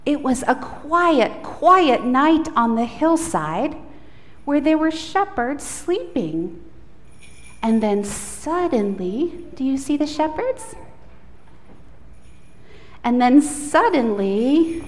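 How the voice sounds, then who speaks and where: A woman pastor leading a prayer, then telling a story to children in an animated, coaxing way. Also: high-pitched, takes it slowly, long pauses. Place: church sanctuary. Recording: echoey church hall, faint noise.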